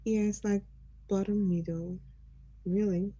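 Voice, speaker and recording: A woman's voice: mid-range voice, fairly even intonation, unhurried, warm tone, highs cut off. A Nigerian woman from Nigeria hosting a casual livestream, greeting viewers by name and asking them curious questions. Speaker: livestream host.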